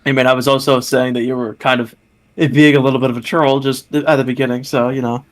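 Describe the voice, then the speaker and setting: A man's voice: mid-range voice, flat delivery, fast. A man co-hosting a casual podcast chat, giggly and rambling with stammering restarts. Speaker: podcast co-host.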